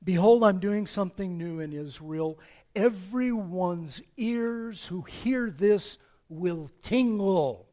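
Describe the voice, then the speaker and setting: A man's voice: fairly high pitch, sing-song, extremely slow, exaggerated voice. A man voicing God in a sermon, solemn and tender, calling people by name twice over. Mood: stern. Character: God, tender yet stern male divine voice.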